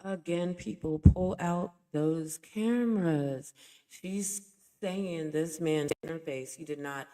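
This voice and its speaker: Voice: medium pitch, slow, dark tone. A host commenting indignantly on clips, speaking straight to viewers. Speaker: reaction video host. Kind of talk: casual commentary.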